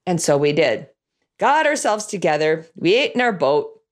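A deep-voiced woman, speaking at a moderate pace, tells an audience a story about teaching her children's Bible class. She performs it animatedly, with sound effects and lines delivered in voices.

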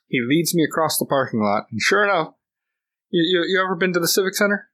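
A man's voice: on the high side, animated, quick pace, bright, forceful tone. Rambling, laughing male podcast storyteller. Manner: rambling storyteller, laughs often, restarts sentences. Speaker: podcast co-host. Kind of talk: casual podcast chat.

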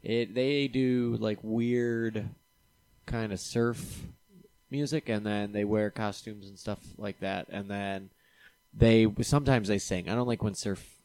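A man chatting casually, laid-back and halting, with many pauses and fillers. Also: on the low side, fairly even intonation, darkish tone, smooth, no room sound. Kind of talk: casual chat.

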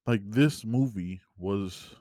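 Exasperated low-voiced man ranting. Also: takes it slowly, warm tone, no echo, studio quality. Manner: exasperated, rambling rant with many restarts. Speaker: podcast host. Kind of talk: casual solo movie review.

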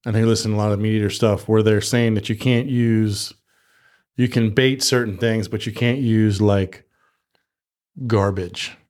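Low-voiced man in relaxed chat. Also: moderate pace. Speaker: podcast co-host. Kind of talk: casual hunting chat.

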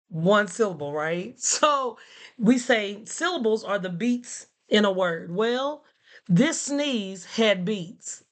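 A woman teacher telling a funny classroom story in a playful, animated way, laughing often. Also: mid-range voice. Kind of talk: casual storytelling.

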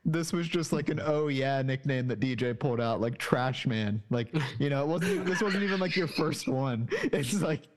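Man, podcast co-host, mid-range pitch, relaxed storytelling, amused. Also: moderate pace, few pauses. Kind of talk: casual chat.

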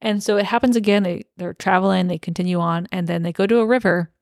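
Young woman podcast cohost, wry and easygoing, mid-pitch, dry close sound. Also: fast, creaky, no echo. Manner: recaps the plot in a relaxed, wry way with swearing. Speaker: podcast co-host. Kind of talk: casual book discussion.

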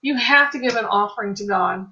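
A woman's voice: mid-range voice, brisk, sharp tone, highs cut off, slight background noise. A middle-aged woman giving an earnest faith testimony, telling a friend's story with many restarts and quoted lines. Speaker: Christian ministry speaker. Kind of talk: testimony-style faith talk.

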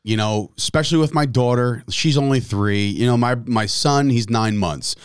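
A man in his thirties hosting a podcast, high-energy and chatty, laughing easily. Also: normal speed, smooth, no echo, clean studio sound. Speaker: podcast host. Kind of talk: casual chat.

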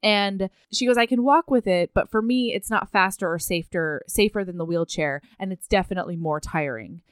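A woman's voice: medium pitch, moderate pace, clean tone, no room sound, studio quality. A woman co-hosting a casual book chat, retelling scenes animatedly with quoted lines and frequent laughter. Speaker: podcast co-host.

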